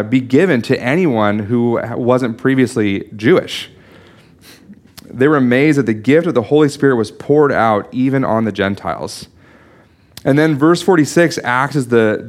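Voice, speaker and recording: A man preaching a sermon, explaining a Bible passage in an earnest teaching manner with frequent restarts and small asides. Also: medium pitch. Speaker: pastor.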